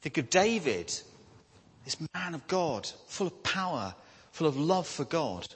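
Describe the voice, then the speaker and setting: A man preaches in a church and talks to the congregation as if chatting, often asking "isn't it?" and "don't we?". His voice is somewhat husky. A long reverb from the large hall follows his words. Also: fairly high pitch, sing-song, a little slow. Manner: conversational, with tag questions. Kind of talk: sermon.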